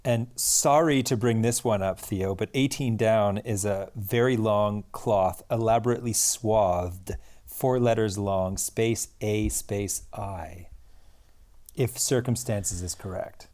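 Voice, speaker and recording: A tired man, chatting casually with a friend while they solve a crossword together, quick to laugh at his own jokes. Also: lowish voice, a little mellow. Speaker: podcast co-host. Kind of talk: casual chat solving a crossword. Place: Kathmandu.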